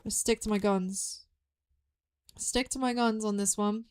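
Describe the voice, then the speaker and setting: A young woman streaming a game, thinking aloud in an excitable way and repeating her own phrases as she puzzles things out. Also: mid-range voice, measured pace, clear, resonant tone. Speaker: VTuber streamer. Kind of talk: live game stream commentary.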